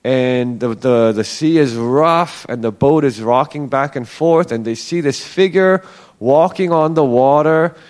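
A man's voice: medium pitch, a little slow, a little mellow. A man giving a casual Bible teaching, talking conversationally and acting out the quoted lines.

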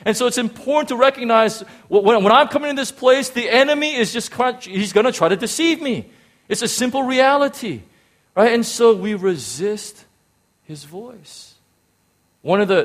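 A man preaches to his congregation, his voice sitting a little higher than most men's. He presses his points hard, stumbles into repeated words, then drops to a low, quiet tone before rising again. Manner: emphatic, repeats words, swings between loud and quiet. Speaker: pastor. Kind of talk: sermon. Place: church in Hong Kong.

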